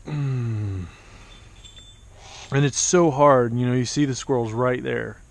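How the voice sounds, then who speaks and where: A man narrating a casual vlog outdoors as a falconer, talking quietly and patiently and coaxing his bird between remarks. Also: medium pitch, takes it slowly, creaky. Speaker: falconer training a hawk. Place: outdoors among trees.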